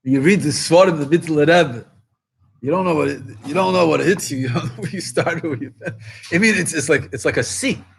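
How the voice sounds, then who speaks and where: A rabbi speaking at a farbrengen, impassioned, repeating phrases for emphasis and rising to exclamations. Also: male voice, a little high, fairly quick, vocal fry, slight background noise. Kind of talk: farbrengen talk.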